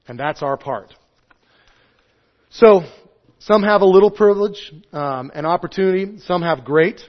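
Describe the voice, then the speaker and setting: A man in his thirties or forties preaching a sermon, stressing points loudly and then dropping to soft, low asides. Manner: emphatic, swings between loud stresses and soft low asides. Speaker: pastor. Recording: dull lo-fi sound.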